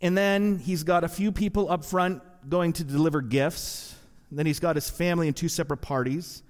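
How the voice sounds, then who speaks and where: A man preaching a sermon, retelling a story in a lively way with acted-out quotes and wry asides. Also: on the high side, fairly quick. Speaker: pastor. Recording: long hall reverb.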